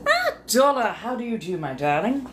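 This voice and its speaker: A woman's voice: on the high side, moderate pace. A woman chatting casually with viewers on a live stream, teasing and flirty, full of innuendo and muttered asides. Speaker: livestream host. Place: home. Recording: steady room noise behind voice.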